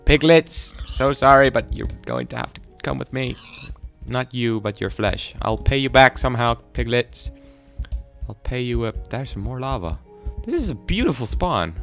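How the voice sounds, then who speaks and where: A man's voice: mid-range voice, big pitch swings, moderate pace, gravelly, a bit bright, faint music behind. A man doing casual, rambling game commentary in a goofy, self-deprecating way, chatting to the animals on screen. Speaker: gaming YouTuber.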